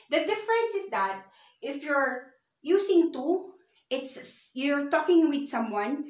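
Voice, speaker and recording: A woman teaching a beginners' language lesson on her own channel, explaining slowly with many fillers. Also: high-pitched. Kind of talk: casual online lesson. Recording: echoey room.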